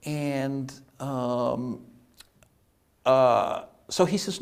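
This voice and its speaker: A man giving a lecture, retelling a play as an animated storyteller who often restarts and fills with "uh". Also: a little high, moderate pace, gravelly. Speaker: economics lecturer.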